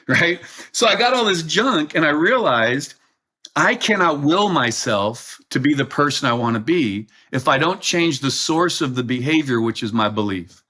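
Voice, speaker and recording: A man's voice: a little high, expressive, moderate pace, pushed and bright. A middle-aged man telling a personal story as a podcast guest, earnest and emotional. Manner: earnest, emotional, quotes himself.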